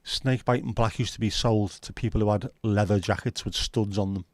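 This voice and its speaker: A man's voice: on the low side, fairly even intonation, normal speed, no echo. A middle-aged man, hosting a casual home livestream, chatting and reading out viewer comments with a sweary, easygoing manner. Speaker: livestream host. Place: at home, window nearby.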